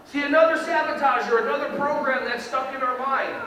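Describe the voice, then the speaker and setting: A man giving a lively educational keynote to an audience, with a playful, animated delivery that acts out kids and parents. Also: very high voice, a little fast. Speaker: keynote speaker. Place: large hall with audience. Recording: echoey hall recorded from far off.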